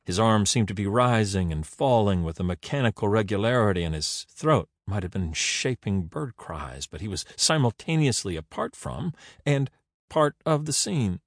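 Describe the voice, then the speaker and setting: A man narrating an audiobook in an expressive, dramatic reading. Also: lowish voice, normal speed, no room sound, studio quality.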